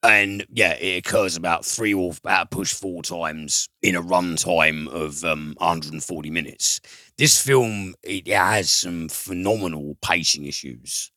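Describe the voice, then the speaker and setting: A man's voice: deep voice, a little slow, sharp tone, dry recording. A man reviewing a film in casual chat, rambling and profane, with frequent fillers and restarts.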